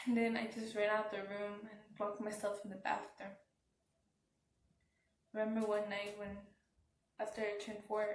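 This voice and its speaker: A woman telling a personal story as a vlogger, speaking in a halting, subdued way with frequent restarts. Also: mid-range voice, a little hiss or hum. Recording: roomy, from some distance off the mic.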